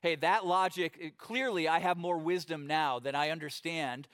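High-pitched man, middle-aged pastor, chatty sermon, lively storytelling. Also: moderate pace, smooth. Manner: conversational, animated storytelling with acted quotes.

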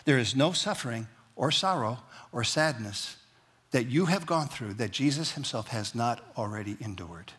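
A man's voice: mid-range voice, normal speed, fairly bright tone, slightly rough. A male pastor giving a sermon in a conversational, folksy way, with humorous asides, and leading his congregation to repeat lines back to him. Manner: leads the congregation in call-and-response.

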